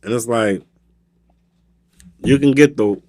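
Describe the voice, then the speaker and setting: A man's voice: mid-range voice, slow. A man with a Southern American accent hosting a radio show, telling a casual, comedic story and acting out scenes as he goes. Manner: animated storytelling, acts out scenes.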